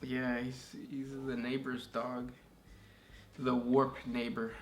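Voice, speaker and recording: A man's voice: mid-range voice, monotone, slow. Easygoing man reading questions, echoey room. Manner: easygoing, many "um" and "yeah" fillers. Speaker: podcast co-host reading listener questions. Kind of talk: casual chat. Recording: echoey room with faint noise.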